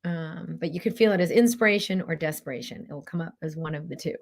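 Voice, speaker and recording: A middle-aged woman talks in a casual, motivational way as a mind-body coach. Her voice sits a little low, and she often jumps up high to act out inner voices. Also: quick pace, creaky. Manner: animated, acts out inner voices in a high pitch.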